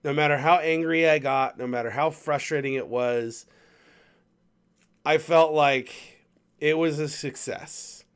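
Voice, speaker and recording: A man hosting a podcast, telling a travel story in a rambling, animated way with plenty of restarts. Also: a little high, unhurried, clean tone. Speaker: podcast host. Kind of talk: casual chat, storytelling.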